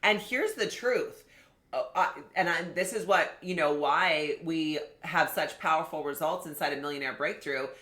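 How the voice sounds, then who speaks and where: Woman business coach, low and bright voice, lively and conversational, roomy sound. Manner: animated, conversational, addresses viewers directly. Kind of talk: live online masterclass teaching.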